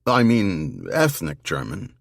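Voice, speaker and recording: A man's voice: low voice, huge pitch swings, slow pace, creaky, dry recording, heavily acted. A man as a dry, businesslike army investigator.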